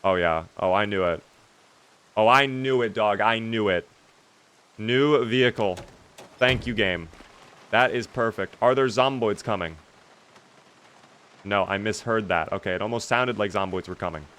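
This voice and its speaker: A man's voice: lowish voice, normal speed, long pauses, fairly bright tone, a little hiss or hum. A young man streaming a zombie survival game, chatting casually and reading out viewer questions to answer them. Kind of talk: casual gameplay commentary reading chat.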